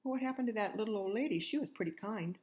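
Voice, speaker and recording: A woman's voice: medium pitch, expressive, fast, a little mellow. An older woman, a grandmother, telling a children's fairy tale in a chatty way, talking straight to the kids. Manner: chatty, talks directly to children. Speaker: grandmother storyteller. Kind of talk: children's story reading.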